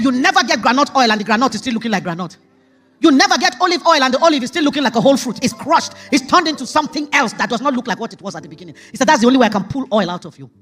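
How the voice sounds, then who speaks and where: A woman preaching a sermon testimony, emphatic, jumping from loud outbursts to hushed asides. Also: a little high, slightly rough.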